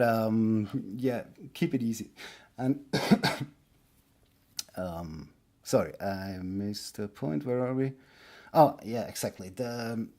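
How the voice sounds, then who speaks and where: A man's voice: mid-range voice, a little mellow, breathy edge. A man with a Swiss German accent giving a casual online pronunciation lesson, hesitant and full of fillers and restarts. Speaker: language teacher.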